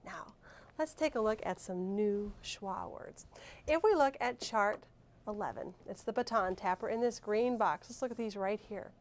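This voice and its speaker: A woman teacher leading a recorded reading lesson, saying each word clearly and deliberately for young students. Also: medium pitch. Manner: clear, slow, deliberate teacher talk with drawn-out words.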